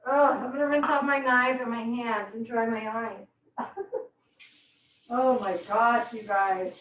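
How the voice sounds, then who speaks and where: A young woman leads a live online cooking class, her fairly high, steady voice moving at a measured pace with a fairly bright tone. Teary-eyed from chopping onions, she chats, laughs and exclaims often. The sound is echoey, distant and phone-like, with slight background noise.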